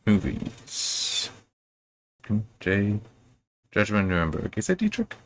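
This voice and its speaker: A man's voice: fairly low pitch, wildly swooping pitch, slow. A man giving a casual, rambling commentary as a book reviewer, thinking aloud.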